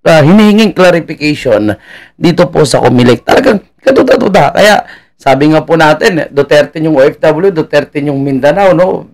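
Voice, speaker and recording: A man with a Filipino accent giving casual commentary and talking directly to viewers, often tagging on "no?". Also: a little high. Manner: talks to viewers directly, adds "no?" tags.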